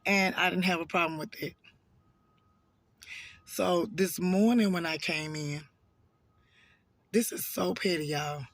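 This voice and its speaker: Hoarse man, high voice, casual storytime vlogger, chatty and animated. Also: takes it slowly, long pauses, dry recording. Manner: chatty, animated, addresses viewers as y'all. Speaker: vlogger telling a work story.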